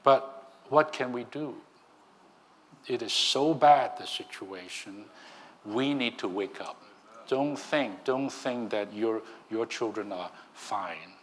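A male minister delivering a sermon at an unhurried pace. He is emphatic and often restarts his phrases. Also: fairly low pitch, fairly bright tone. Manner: slow, emphatic preaching with many restarts.

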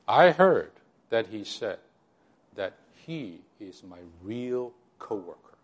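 Taking it slowly, an older man with a mid-range voice and big pitch swings tells a church gathering about its early history. His sermon-style recollection rambles, restarts frequently, and includes direct asides to the audience.

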